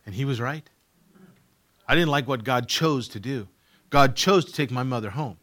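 Middle-aged male preacher, bright tone, sermon delivery, dynamic from hushed to booming, repeats for emphasis. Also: moderate pace. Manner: swings from quiet to loud, emphatic repetitions. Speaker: pastor.

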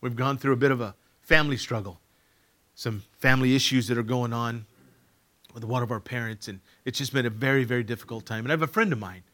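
Middle-aged male preacher, bright tone, sermon delivery, dynamic from hushed to booming, repeats for emphasis. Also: quick pace. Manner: swings from quiet to loud, emphatic repetitions. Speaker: pastor.

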